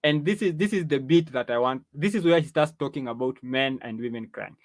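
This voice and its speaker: A man's voice: medium pitch, brisk, no echo. A man hosting a talk show, commenting on clips in a chatty way and often repeating words as he talks. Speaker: host.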